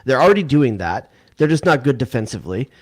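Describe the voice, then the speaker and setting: A man's voice: mid-range voice, very animated, fast, slightly rough. A man co-hosting a soccer podcast, talking casually and with slang, often stammering and repeating words. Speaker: podcast co-host. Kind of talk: casual sports debate.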